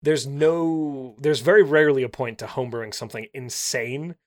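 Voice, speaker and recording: A man in his thirties co-hosting a casual chat about tabletop games, animated, often laughing and bursting into loud play-acting. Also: medium pitch, moderate pace. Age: 30s. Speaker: podcast co-host.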